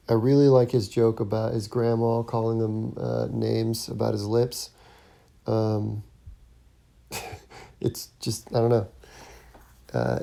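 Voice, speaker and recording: A stand-up comic hosts his own podcast, speaking in a mid-range, gravelly, warm voice. His casual solo monologue rambles along with plenty of ums and restarts.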